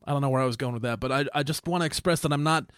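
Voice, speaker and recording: A man's voice: medium pitch, rapid-fire, a bit bright, clear, resonant tone, no room sound, clean studio sound. A young man co-hosting a casual podcast, blunt and opinionated with a self-mocking streak. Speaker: band member and podcast co-host. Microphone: studio microphone.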